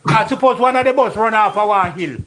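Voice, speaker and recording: A man's voice: sits high, brisk. Jamaican man rambling about politics, faint hiss. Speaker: political debater. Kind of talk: casual political discussion.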